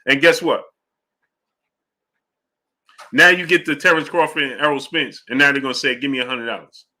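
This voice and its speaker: A man hosting a casual boxing livestream, rambling loosely between fan shout-outs and fight talk. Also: medium pitch, steady tone, normal speed. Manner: loose, rambling, drifts off track. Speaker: host of a live boxing show. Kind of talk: casual livestream chat reading super chats.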